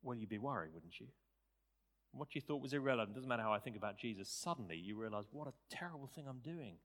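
Animated preacher in a reverberant hall. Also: male voice, medium pitch, fast. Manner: animated, rising to loud emphatic peaks. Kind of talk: sermon. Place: church.

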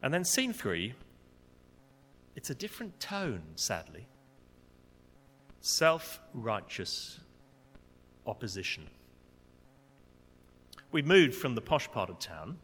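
Man preaching, bright tone, swings between hushed and emphatic, lively pitch. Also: takes it slowly, long pauses, slightly rough. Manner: expressive, rising to indignant emphasis. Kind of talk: sermon. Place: church. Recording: long church reverb.

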